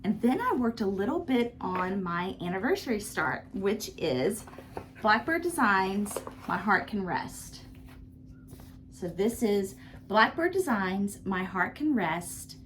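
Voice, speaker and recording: A woman's voice: mid-range voice, big pitch swings, takes it slowly, a bit bright, a little hiss or hum. Chatty woman hosting a craft vlog. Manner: chatty, gushing, frequent ums. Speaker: vlog host. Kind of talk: casual show-and-tell chat.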